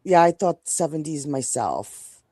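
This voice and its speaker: A woman's voice: low-pitched, very animated, unhurried, dark tone, no echo. Chatty New York woman, dry close sound. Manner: chatty, rambling, self-interrupting. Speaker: co-host. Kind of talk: casual live-stream chat.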